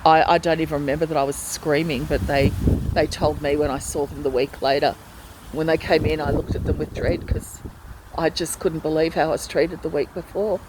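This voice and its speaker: A woman's voice: deep voice, steady tone, fairly quick, background noise. A woman speaking in a personal video diary from a hospital ward, retelling in a distressed, pleading way how she has been treated. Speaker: hospital patient vlogger.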